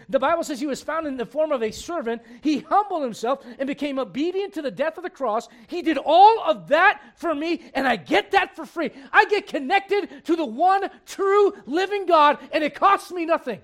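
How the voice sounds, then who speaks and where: High-pitched, animated preacher. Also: male voice, normal speed, few pauses. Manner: animated preaching, mimics congregants, drops low for scripture. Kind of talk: sermon.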